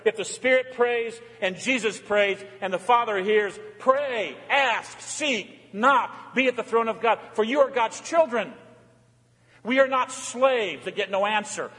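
A middle-aged male pastor with a notably high voice preaches a fervent sermon, swinging from raised cries to quiet, low asides. His voice rings with a long reverb through the church hall. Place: church sanctuary.

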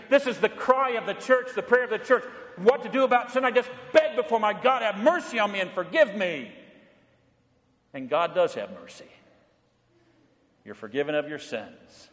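A male pastor delivering a sermon in a church, swinging between raised and hushed delivery and leading the congregation in responses. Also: high voice, moderate pace. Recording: reverberant church hall.

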